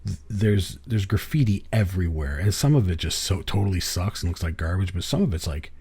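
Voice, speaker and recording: Man from the US East Coast, middle-aged, deep mellow voice, podcast host with loose, profane storytelling. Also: lively intonation, a little fast, slightly rough. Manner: rambling storyteller, swears, laughs often. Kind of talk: casual chat.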